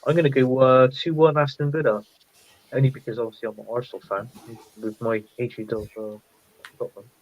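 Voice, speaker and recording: A man chatting casually as a football podcast panelist, thinking out loud and laughing often. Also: medium pitch, level tone, a little fast, muffled recording. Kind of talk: casual chat.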